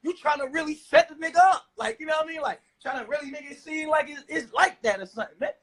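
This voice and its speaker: A man in a heated, profane livestream rant, accusing his wife and often shouting. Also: very high-pitched, fast.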